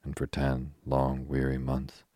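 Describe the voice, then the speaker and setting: A man's voice: extremely low pitch, dry recording, studio quality. A man reading as a glum young ex-soldier. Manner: soft, even, unhurried reading.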